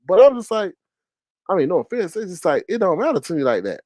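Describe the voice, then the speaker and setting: A man hosting a drama commentary vlog, telling stories in an animated, mocking way. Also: sits high, fast talker, no echo. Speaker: host.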